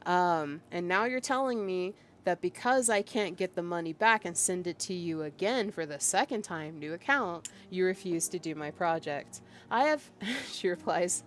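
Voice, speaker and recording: A woman's voice: lowish voice, lively intonation, unhurried, slight background noise. A woman streaming as a VTuber, casually venting as she reads out a chat log, exasperated and emphatic with lots of fillers. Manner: exasperated and emphatic, with frequent fillers and bursts of laughter.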